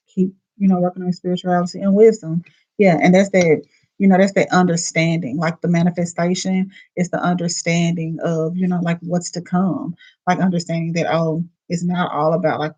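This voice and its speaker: A woman's voice: lowish voice, darkish tone, rough recording. A woman with a Southern US accent giving a live oracle card reading in a casual, chatty way, full of fillers. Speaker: tarot reader.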